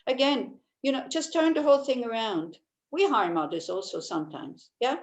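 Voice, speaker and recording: A woman's voice: on the high side, animated, normal speed, poor audio. A woman teaching a Buddhist class, talking in a conversational way and often checking in with tag questions while she answers listeners' questions.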